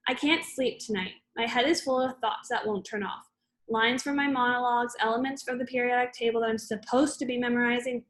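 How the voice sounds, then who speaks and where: A woman reading a novel aloud in a plain first-person narration. Her voice sits a little higher than most. She keeps an unforced pace and fixes small slips as she goes. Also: rough recording. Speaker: audiobook reader.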